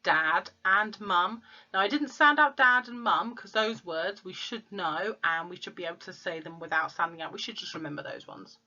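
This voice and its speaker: A woman teacher, slowly sounding out letters and words in a phonics lesson for young children. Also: fairly low pitch, sharp tone, dull audio. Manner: slow, clear sounding-out of letters. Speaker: primary school teacher.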